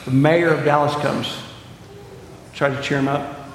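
A man preaching a sermon, telling a story in short dramatic bursts and rising to a fervent high pitch as he prays. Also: fairly even intonation, unhurried, very echoey, in a large hall, slight background noise. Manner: dramatic storyteller, drops quiet for tense moments, lifts to fervent high pitch. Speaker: pastor. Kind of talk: sermon with storytelling and closing prayer.

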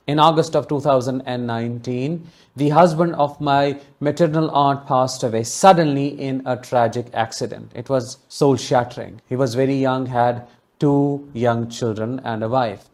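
A podcast host, speaking alone with a mid-range voice and fairly even intonation at normal speed, tells a personal story in an earnest, emotionally charged way. He speaks consolingly to his listeners and closes with a warm, comforting sign-off.

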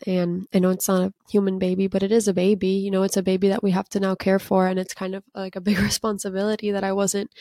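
A woman's voice: mid-range voice, darkish tone, no echo, clean studio sound. A woman in her thirties from Miami, a podcast co-host telling a long story in casual chat, full of "like" fillers. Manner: chatty storytelling with many "like" fillers.

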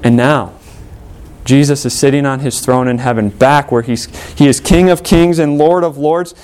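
A male pastor delivering a sermon in an earnest, medium-pitched voice. He climbs higher and louder on points he stresses, then sinks low and quiet for solemn quoted prayers. Steady, conversational preaching pace. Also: normal speed, smooth. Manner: earnest, rising emphatically and dropping soft for quoted prayers.

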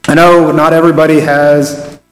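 A man giving a Bible study sermon in a relaxed, conversational way, often restarting his phrases. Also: a little high, moderate pace. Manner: conversational, restarts phrases, reads scripture aloud. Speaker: preacher. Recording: roomy with long reverb.

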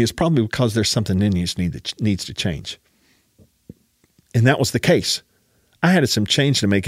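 A man's voice: lowish voice, no room sound, studio quality. Emphatic man preaching a personal story. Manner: emphatic, keeps urging listeners to listen. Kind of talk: sermon storytelling.

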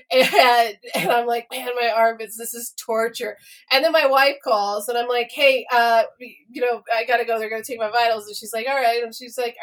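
Woman, podcast co-host, casual storytelling, a bit high-pitched, laughs and curses, acts out quotes. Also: fairly bright tone.

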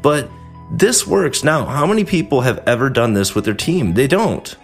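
A man's voice: mid-range voice, very animated, moderate pace, gravelly, soft background music. A man hosting a podcast, talking casually and acting out quotes from patients and staff as he explains how a dental office runs. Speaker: podcast host, dentist. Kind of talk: casual instructional talk.

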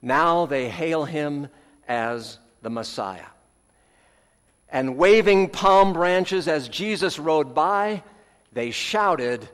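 Slow, measured male preacher in a reverberant hall. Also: a little high, smooth. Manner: measured preaching with swelling emphasis and falling phrase ends. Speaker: pastor. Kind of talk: sermon.

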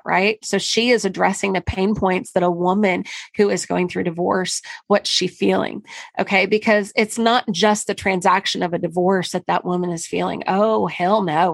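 A woman's voice: mid-range voice, vocal fry, fairly bright tone, no room sound. A middle-aged woman hosting a casual solo podcast, talking candidly and emphatically, with mild swearing. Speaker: podcast host and marketing consultant.

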